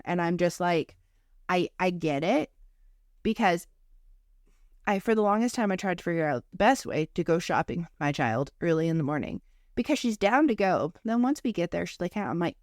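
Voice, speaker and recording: A woman and mother co-hosts a podcast, rambling casually with plenty of filler words. Her voice is on the low side, expressive and a little fast, recorded dry with clean studio sound.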